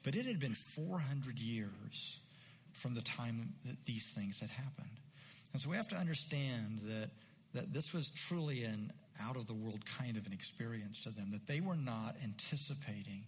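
A man's voice: mid-range voice, animated, moderate pace, long reverb tail, rough recording. A man preaching a sermon in a conversational, musing way with frequent fillers.

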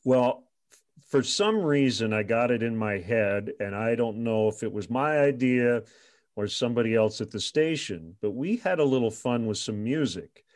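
A former radio sports reporter telling stories in an interview, animated and chuckling often. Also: male voice, mid-range voice, normal speed. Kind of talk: storytelling in an interview.

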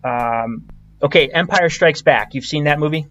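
A man's voice: fairly high pitch, moderate pace, a bit bright, faint music behind. A man hosting a podcast, chatting casually and quizzing his guest, with lots of fillers and restarts. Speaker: podcast host.

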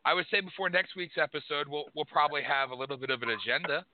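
A man's voice: a little high, steady tone, quick pace, slight background noise. A man hosting a call-in political radio show on a headset, ranting in a brash, profane, sarcastic way. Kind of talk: casual political radio chat. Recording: tinny phone-like audio.

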